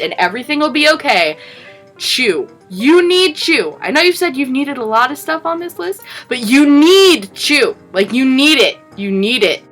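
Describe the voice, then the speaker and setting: A woman's voice: high-pitched, bright, forceful tone. A young adult woman vlogging about her favorite graphic novels, gushing and effusive, piling up superlatives. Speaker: book vlogger. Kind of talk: enthusiastic book review vlog.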